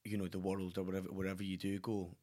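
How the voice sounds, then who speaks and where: A man's voice: low-pitched, monotone, fast talker, warm tone. A middle-aged Scottish man in casual chat, enthusiastic and full of "you know" and restarts. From Scotland.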